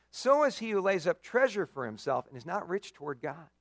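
Man, pastor, sermon, high voice, very lively delivery, dry close sound. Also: normal speed, no echo. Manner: animated storytelling with dramatic emphasis.

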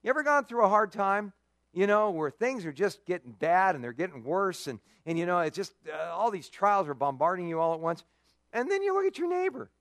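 Animated, folksy male preacher. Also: high-pitched, a little fast, no echo, clean studio sound. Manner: conversational, folksy and animated, with many "you know"s and rhetorical questions. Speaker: pastor. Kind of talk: sermon.

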